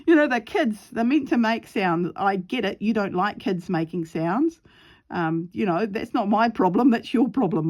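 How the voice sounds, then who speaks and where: A middle-aged woman chatting casually while she sews, laughing often and acting out the voices in her story. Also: mid-range voice. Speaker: craft vlogger.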